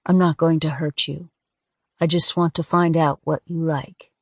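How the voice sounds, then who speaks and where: A quiet, self-possessed woman in an audiobook, always in control, voiced by a female reader. She speaks softly and reassuringly in a slightly low voice. The sound is dry and close, with no room around it. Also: little pitch movement, a little slow, no room sound. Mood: gentle. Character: calm, assured woman lover in control.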